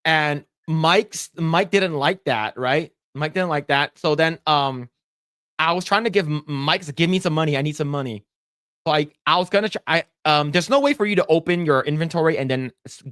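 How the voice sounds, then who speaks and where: Here a male podcast co-host chats casually through a meandering gaming anecdote, peppered with fillers and laughs. His voice is a little high, a little fast and a bit bright, with a clear, resonant tone. The studio sound is clean, without echo.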